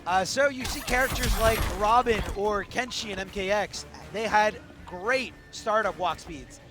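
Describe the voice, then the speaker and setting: High-voiced hoarse male esports commentator. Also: unhurried. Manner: explanatory, self-correcting. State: hoarse, losing his voice. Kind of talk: live tournament commentary. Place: tournament venue. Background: music.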